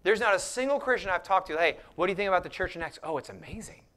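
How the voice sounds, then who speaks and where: A man preaching a sermon as pastor, dropping to hushed near-whispers and rising to loud emphatic passages, acting out the prayers and lines he quotes. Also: high-pitched, animated, rapid-fire. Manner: acts out quoted voices and prayers.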